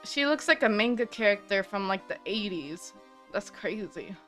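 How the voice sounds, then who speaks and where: A woman's voice: mid-range voice, expressive, moderate pace, fairly bright tone, faint music behind. A woman streaming a game, making jokey, offhand asides. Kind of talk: casual gameplay commentary.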